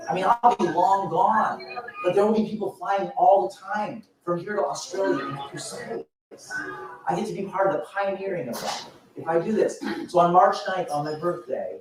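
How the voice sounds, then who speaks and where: A man in his fifties giving a motivational speech at a business event, telling stories in an animated way with frequent restarts. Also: sits high, moderate pace, music in the background. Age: 50s. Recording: echoey hall, voice from far off.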